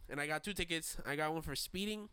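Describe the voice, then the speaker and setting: Young new guy, bright crisp voice, dry room, storytelling host. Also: a little high, fast talker, no room sound. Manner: rambling, filler-heavy storytelling with quoted voices. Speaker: podcast host. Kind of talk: casual chat storytelling.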